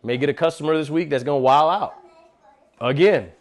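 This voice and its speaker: Man, slightly high voice, laid-back church talk, slangy, animated, calls everyone bro. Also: brisk. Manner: animated, acts out quotes. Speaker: lay speaker at a church gathering. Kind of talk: casual devotional talk.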